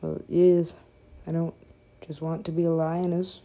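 A woman's voice: deep voice, little pitch movement, normal speed, mellow. A woman giving casual gameplay commentary, rambling and joking with frequent swearing. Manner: profane, rambling, joking asides.

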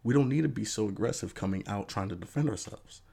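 A man hosting a podcast, talking through his take in a casual, animated monologue with lots of "you know" asides. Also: fast, vocal fry, husky. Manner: animated, acts out fans' voices in a raised pitch. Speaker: podcast host.

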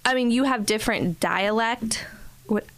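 A woman from California co-hosting a podcast in casual chat, curious and asking her guests questions. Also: fairly high pitch. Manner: slow, curious, asks questions. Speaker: podcast co-host.

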